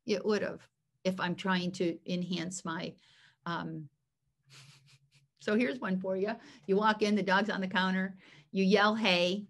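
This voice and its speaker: A woman dog training teacher talking casually to her class, chatty and animated, acting out the cues she gives her dogs. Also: mid-range voice. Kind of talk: casual online class talk.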